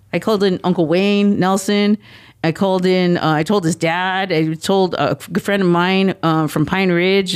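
A middle-aged woman, guest on an interview show, telling family stories in a lively way and acting out the quoted dialogue. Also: mid-range voice. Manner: animated, acts out quoted dialogue. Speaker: guest, mother of the athlete. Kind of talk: casual interview storytelling.

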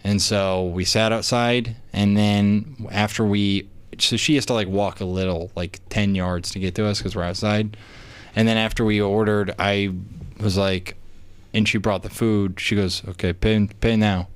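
A young man co-hosting a casual podcast chat, telling animated stories, acting out quotes and swearing freely. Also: on the low side, unhurried, clear, resonant tone, no echo. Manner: animated storyteller, acts out quotes, swears often. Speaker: podcast co-host.

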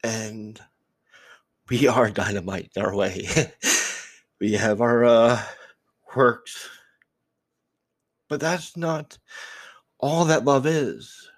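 A man's voice: mid-range voice, takes it slowly, pauses often, dry recording. A man hosting an unscripted solo podcast, musing aloud in a reflective, rambling way and getting choked up, his voice trembling. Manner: reflective, rambling with restarts and repeated words. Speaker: podcast host.

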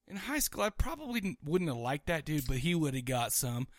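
A man's voice: on the high side, sing-song, brisk, no room sound, studio quality. A man co-hosting a podcast in casual chat, rowdy and joking, often talking over his co-host.

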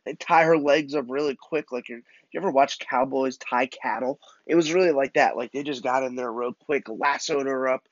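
A man's voice: medium pitch, moderate pace, few pauses, no room sound, muffled recording. Man telling a comic story. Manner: animated, self-mocking.

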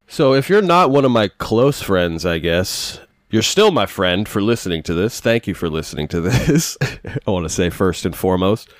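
A man's voice: low-pitched, very animated, moderate pace, dry recording, studio quality. A man hosting his own podcast alone, talking casually in a loose, profane, self-deprecating ramble. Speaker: podcast host.

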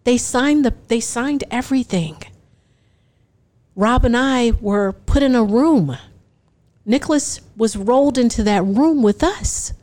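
A woman's voice: a little high, a little slow. A woman in her forties tells a personal testimony to an audience. She acts out the dialogue and often laughs between lines. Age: 40s. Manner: animated storytelling, acting out dialogue.

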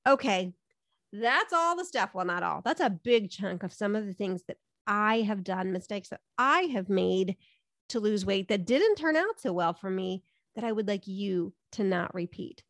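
A woman's voice: medium pitch, expressive, moderate pace, a bit bright, no echo, studio quality. A middle-aged woman hosting a solo podcast from home, chatting and telling self-deprecating stories before giving advice. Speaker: podcast host. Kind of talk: casual solo podcast monologue. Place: home room.

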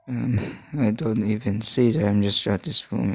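A man in his thirties, from the Philippines, hosting a solo podcast in a halting, rambling way, often restarting as he searches for words. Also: fairly low pitch, fairly even intonation, vocal fry, breathy edge. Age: 30s. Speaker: podcast host.

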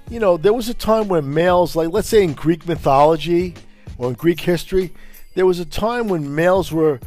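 Furious, cursing man. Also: fairly high pitch. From Brooklyn, New York. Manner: furious, profane, confrontational. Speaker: podcast host. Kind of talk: angry profane rant.

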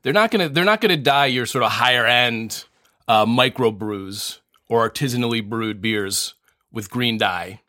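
Male podcast host, deadpan know-it-all, dry close mic. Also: medium pitch, normal speed, no room sound. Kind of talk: casual comedic chat.

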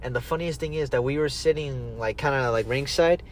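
A young man hosts a laid-back podcast, wandering through stories in a brisk, mid-range voice. He quotes other people and swears without holding back.

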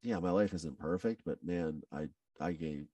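Low-voiced man telling a personal story. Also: normal speed, dry recording, recorded from a distance. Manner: animated, with many restarts and acted quotes. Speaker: podcast guest.

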